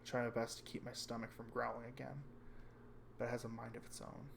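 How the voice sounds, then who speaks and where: A man reading a visual novel aloud with calm first-person narration. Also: medium pitch, fast, creaky, background noise. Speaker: reader.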